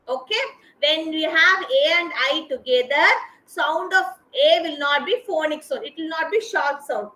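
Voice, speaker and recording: Over a video call, a woman teaches kindergarteners in a high, crisp, sharp-toned voice. She patiently repeats each sound carefully for the small children, and a noticeable roomy echo hangs on the recording.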